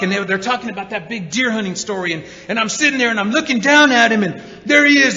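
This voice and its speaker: High bright man telling stories in a hall. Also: fast talker, creaky. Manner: animated storyteller, acts out quotes, many repeated 'and's. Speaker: recovery meeting speaker. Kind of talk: storytelling talk to an audience. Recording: dull recording in a hall with reverb.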